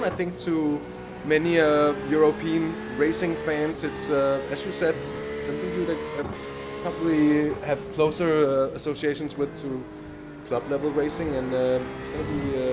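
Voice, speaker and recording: Hesitant male race commentator, noisy audio. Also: a little high. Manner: measured, hesitant with many fillers. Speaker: sim racing co-commentator.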